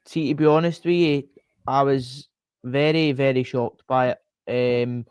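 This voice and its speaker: A man with a Scottish accent in a casual podcast chat, animated and full of fillers like "uh" and "aye". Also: medium pitch, a little slow, smooth, no echo. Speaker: podcast co-host.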